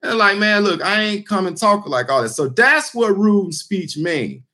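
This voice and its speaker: A man's voice: high-pitched, very animated, normal speed, bright, forceful tone. A man giving an informal scripture teaching, talking loosely and bluntly with lots of fillers and repeated words. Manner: blunt and emphatic. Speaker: street preacher.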